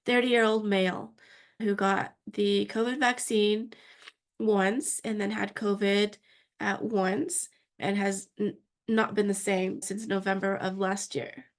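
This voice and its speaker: A woman's voice: mid-range voice, flat delivery, slow. Effusive woman co-hosting a podcast. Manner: warm, effusive, with frequent restarts and laughs. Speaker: podcast co-host and practice manager. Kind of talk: casual podcast chat.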